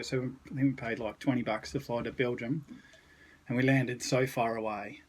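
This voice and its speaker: A man's voice: medium pitch, little pitch movement, moderate pace, slight background noise, poor audio. Laid-back Australian man telling stories. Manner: laid-back, rambling anecdotes with mild swearing. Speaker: podcast guest. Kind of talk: casual storytelling.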